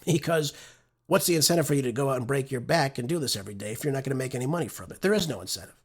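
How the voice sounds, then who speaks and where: A man's voice: mid-range voice, animated, very fast, slightly rough. A man hosting a political talk show, delivering opinionated, conversational commentary and often tagging his points with "right?".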